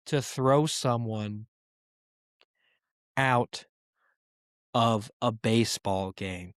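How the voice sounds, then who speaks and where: A man hosting a comedy podcast, ranting in a crude, profane and animated way. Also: medium pitch, a little slow, long pauses, dry recording, clean studio sound. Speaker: podcast host. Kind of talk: casual comedic rant.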